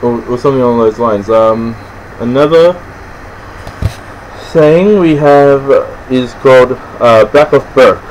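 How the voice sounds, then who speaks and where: This is an Australian man with an ordinary mid-range voice, explaining things off the cuff. He halts often, restarting sentences and filling pauses as he goes. His talk stays loose and rambling, never scripted. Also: mid-range voice, darkish tone, a little hiss or hum, low-quality recording. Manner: halting, rambling, many restarts and fillers. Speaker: presenter explaining slang. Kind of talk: casual unscripted explanation to camera.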